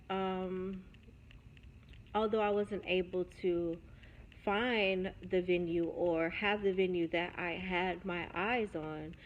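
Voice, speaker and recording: Slow-talking woman telling a personal story. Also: mid-range voice, highs cut off, slight background noise. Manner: candid, reflective, with pauses and restarts. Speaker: vlogger.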